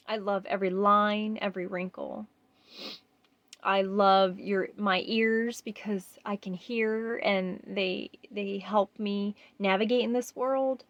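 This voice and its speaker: A woman gently leading a self-love mirror exercise, speaking earnestly with frequent pauses and fillers. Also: medium pitch, fairly even intonation, no room sound, lo-fi sound. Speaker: self-care guide.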